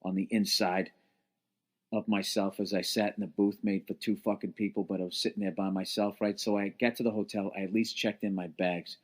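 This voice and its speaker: This is a fairly quick, low-ish male voice with little pitch movement, belonging to a podcast host from the United States. Worn out and exasperated, he delivers a rambling, profane story as a casual monologue into a laptop podcast mic.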